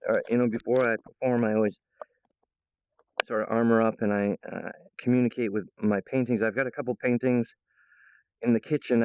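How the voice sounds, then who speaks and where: A man's voice: mid-range voice, darkish tone, dull audio. A man vlogging at home in a meandering, playful monologue full of restarts, stray thoughts and silly voices. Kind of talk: rambling casual monologue to camera. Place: at home, in the kitchen.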